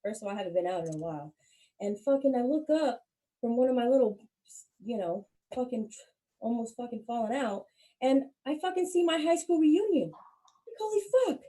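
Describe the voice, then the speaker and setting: A young woman doing stand-up, telling a profane story in a brash, animated way, swearing constantly. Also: fairly high pitch, brisk. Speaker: stand-up comedian.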